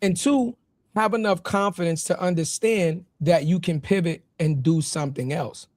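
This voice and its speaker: High-voiced joking podcast co-host, a man. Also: moderate pace. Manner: joking, emphatic, casual phrasing. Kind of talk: casual interview chat.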